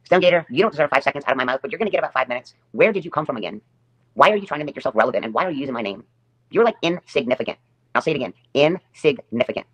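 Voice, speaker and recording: Woman on a live stream going off, quick talker, snarky and taunting, repeats herself a lot. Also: extremely low pitch, lively intonation, fairly bright tone, slightly rough, dull audio. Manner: sarcastic and taunting, repeats phrases. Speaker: livestream host. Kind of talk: livestream rant.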